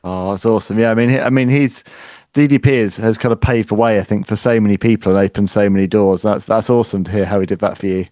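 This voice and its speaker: Fast-talking man hosting an interview. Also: lowish voice, fairly even intonation, warm tone. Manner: quick, brief questions and short agreements. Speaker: interview host. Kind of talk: casual interview questions.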